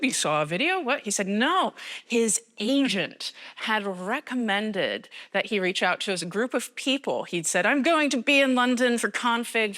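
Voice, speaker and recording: A woman's voice: mid-range voice, fairly bright tone. An American woman, middle-aged, giving a conference talk on a stage mic in a large hall, chatty and rambling with self-deprecating asides. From United States. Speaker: conference speaker. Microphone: stage microphone.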